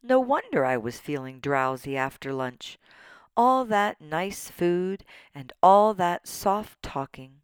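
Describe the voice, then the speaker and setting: A woman narrating a children's storybook in an animated, playful way. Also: fairly low pitch, slow, clean tone, dry recording, studio quality. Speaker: audiobook narrator.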